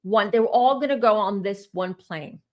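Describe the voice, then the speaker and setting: A woman psychic and tarot reader speaks straight to camera about a vision she had, in a mid-range, darkish voice at a moderate pace. Her storytelling is casual and chatty, aimed directly at her viewers.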